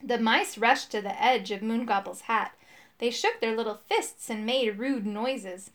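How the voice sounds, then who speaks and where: A woman narrating a children's storybook aloud in a clear, steady way. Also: a little high, measured pace. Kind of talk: audiobook storybook reading.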